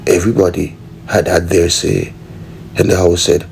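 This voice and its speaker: A man's voice: low-pitched, level tone, moderate pace, vocal fry, darkish tone, slight background noise, poor audio. A man telling a rambling comic story, full of "you know".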